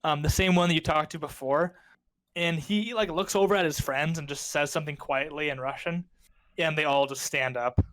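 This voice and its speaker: A man's voice: fairly high pitch, fairly even intonation, moderate pace, fairly bright tone. A man narrating as game master of a tabletop game, hesitant and full of ums.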